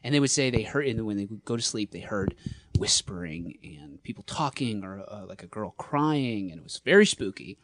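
A man's voice: on the low side, lively intonation, normal speed, a bit bright. A man in casual podcast chat, telling a story with lots of laughter.

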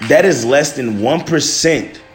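A man's voice: a little high, a little slow, faint music behind. A young man hosting a casual podcast monologue, loose and emotional, full of slang and "man" and "bro". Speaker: podcast host.

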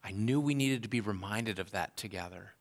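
A man's voice: fairly low pitch, brisk. A man preaching a sermon, earnest and heartfelt, building into raised, emphatic passages. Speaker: pastor.

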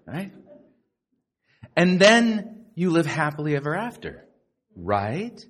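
Animated man preaching a sermon. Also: fairly high pitch, slow. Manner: animated, sarcastic, mocks voices of others. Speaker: pastor.

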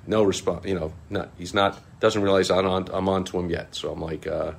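Low-voiced middle-aged man telling a story. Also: brisk, vocal fry, breathy edge. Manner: animated, chuckling, breaks into mocking high-pitched quoted voices. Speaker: small business marketing consultant, show host. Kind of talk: casual storytelling vlog.

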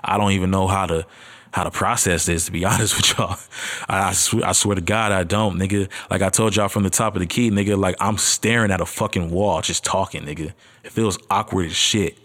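A man's voice: deep voice, steady tone, fairly quick, fairly bright tone. A man hosting his first solo podcast, nervous, rambling and profane, talking straight to his listeners in slangy casual chat. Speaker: podcast host.

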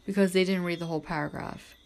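A woman's voice: on the low side, fairly even intonation, quick pace, slight background noise. A woman from Bermuda, hosting a podcast in a rambling, emphatic casual monologue. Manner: rambling and emphatic, heavy use of "like" and "literally". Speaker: podcast host.

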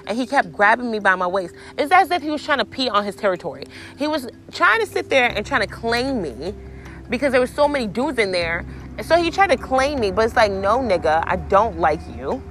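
Over soft background music, a woman vlogger casually tells her viewers a story in a fairly high voice, talking a little fast. She is blunt, profane and animated, acting out both sides of the exchanges.

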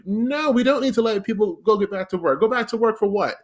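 A man's voice: high-pitched, quick pace, few pauses. A man hosting a solo podcast, ranting in an exasperated, profane, rambling way. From United States. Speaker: podcast host.

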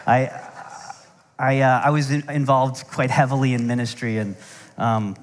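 A man's voice: mid-range voice, steady tone, moderate pace, slight background noise. A middle-aged man preaching a sermon, telling stories with humor and asides. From United States. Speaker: pastor. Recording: long hall reverb.

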